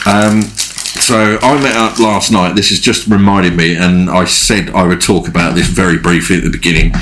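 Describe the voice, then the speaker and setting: A man's voice: low voice, fairly even intonation, moderate pace, a bit bright, a little hiss or hum. A man co-hosting a podcast, telling anecdotes in casual chat and swearing freely. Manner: swears a lot, tells anecdotes. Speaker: podcast co-host.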